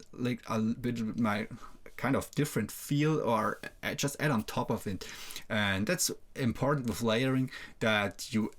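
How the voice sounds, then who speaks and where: Man halting through a production tutorial. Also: mid-range voice, a bit bright. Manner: halting, filler-heavy explaining. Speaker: music producer teaching. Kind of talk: screen-share production tutorial.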